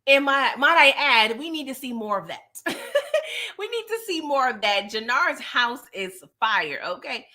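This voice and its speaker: Animated woman recapping a TV show. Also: fairly high pitch. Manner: animated, acts out characters' lines, laughs often. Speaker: TV recap YouTuber.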